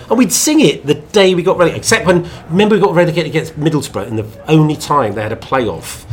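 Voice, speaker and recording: Animated man telling football stories. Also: a little high, fast, hardly any pauses. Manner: animated anecdotal storytelling. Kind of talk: casual chat.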